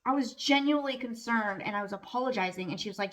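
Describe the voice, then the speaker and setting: A woman's voice: on the high side, expressive, a little fast, hardly any pauses, bright, forceful tone. A middle-aged woman vlogging at home in a candid, casual monologue, earnest and emphatic with lots of "like" fillers.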